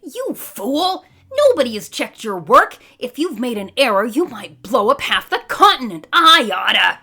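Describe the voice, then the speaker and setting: A woman's voice: fairly high pitch, sing-song, normal speed, pushed and bright, slightly rough, exaggerated voice. A woman voicing a blustering, hot-tempered old army general in a comic read-aloud. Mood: angry. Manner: bellowing, blustery.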